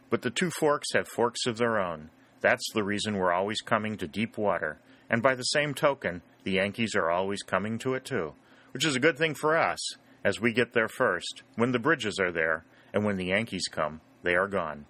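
Guy doing a confident young officer explaining things, bright. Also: fairly low pitch, lively intonation, normal speed. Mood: earnest. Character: young male staff officer, earnest and confident.

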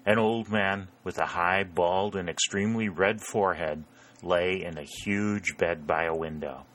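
A man narrating a historical novel in an unhurried, measured delivery. His voice sits very low and deep, and he keeps the telling steady from line to line. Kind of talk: audiobook narration.

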